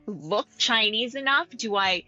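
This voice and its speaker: A Canadian woman talks through an interview in a lively, chatty way, often laughing. Her voice has a bright, forward ring. Faint music plays quietly beneath her. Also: fairly high pitch, a little slow, dull audio. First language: English. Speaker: actor-coach guest. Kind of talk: casual interview conversation.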